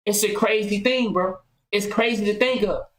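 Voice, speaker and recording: A woman hosting a podcast, talking loudly and passionately, firing off rhetorical questions in casual commentary. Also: medium pitch, moderate pace, roomy sound, poor audio. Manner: loud, impassioned, rhetorical questions. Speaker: podcast host.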